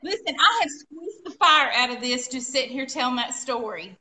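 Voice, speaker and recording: Woman co-host, lively storyteller with sound effects, high voice, bright tone. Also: normal speed. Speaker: co-host of a live furniture painting show. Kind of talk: casual storytelling chat.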